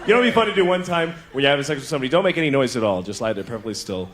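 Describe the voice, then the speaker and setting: A man's voice: fairly high pitch, racing, a faint crowd, slight background noise. A middle-aged man doing a stand-up comedy routine, telling stories and acting out voices. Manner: animated storytelling, acting out voices and moans.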